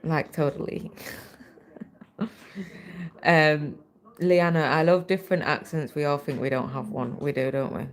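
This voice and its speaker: With a low voice, fairly even intonation and a moderate pace, a British woman chats through a casual livestream on a laptop mic. She reads viewer comments aloud while stitching.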